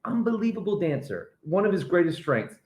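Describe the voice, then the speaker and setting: A man's voice: high-pitched, big pitch swings, brisk, roomy sound. A male pastor joining a live chat as a guest by video call, talking in a playful, teasing way. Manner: playful, teasing, warm praise.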